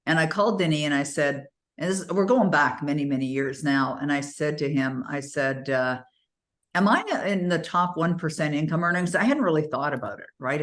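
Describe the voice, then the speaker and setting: A woman author coach from Canada, hosting and telling casual anecdotes with animated acted-out dialogue. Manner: animated, acts out dialogue with big pitch jumps. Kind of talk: casual storytelling talk.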